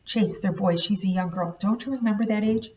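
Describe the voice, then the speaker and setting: A woman reading a novel aloud, voicing an older grandmother who speaks softly but firmly. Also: mid-range voice, close to an everyday voice. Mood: gentle. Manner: soft, measured, reasoning. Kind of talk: audiobook read-aloud. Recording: dull, slightly distant recording.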